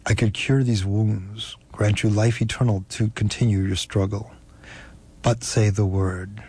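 A man reading an audiobook, voicing a centuries-old vampire who speaks in a measured, reserved way. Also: lowish voice, fairly even intonation, warm tone, husky. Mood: grave. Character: centuries-old male vampire, grave and brooding.

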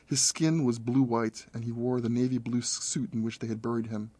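A man's voice: mid-range voice, slightly rough, dry recording. Man narrating a story, dry sound. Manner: steady, measured storytelling. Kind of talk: scripted audiobook narration.

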